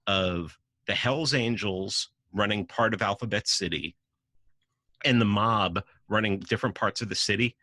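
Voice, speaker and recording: A man's voice: fairly low pitch, unhurried, bright, forceful tone, no room sound. A man from New City, a podcast guest arguing his point in casual conversation, emphatic and profane. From New York City. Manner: emphatic, profane, acts out quoted voices.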